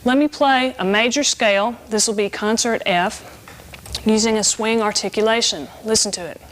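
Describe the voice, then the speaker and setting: A middle-aged woman giving a saxophone lesson, explaining clearly and patiently in an instructional tone. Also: on the high side, fairly even intonation, normal speed, a little hiss or hum. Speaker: saxophone teacher.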